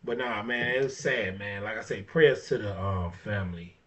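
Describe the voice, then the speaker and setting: A man hosting his own talk show, speaking in a blunt, profane way, filling his talk with "man" and swinging from low mutters to heated rants. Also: normal speed, fairly bright tone, distant mic. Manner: blunt and profane, fillers of "man" and "you know what I'm saying". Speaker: barber and show host. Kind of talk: casual talk monologue. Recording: dull lo-fi sound, speaker off-mic.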